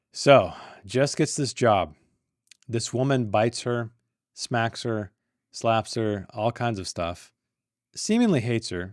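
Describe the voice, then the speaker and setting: A man reads a novel aloud in a fairly low voice, recorded dry and close. He keeps stopping for chatty, joking asides and stumbles over words as he goes, like someone reading along with friends. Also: a little mellow, no echo. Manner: reads passages then breaks off into rambling, joking asides; stumbles and restarts words often. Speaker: book channel host reading aloud. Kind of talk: casual read-along with commentary.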